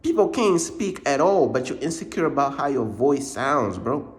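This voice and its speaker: A man's voice: mid-range voice, very animated, normal speed. A man giving a casual, informal faith pep talk in slangy speech, repeating his points and often calling the listener "bruh". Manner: repetitive, informal slang, says "bruh" a lot; emphatic, circles back to points. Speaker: ministry channel host.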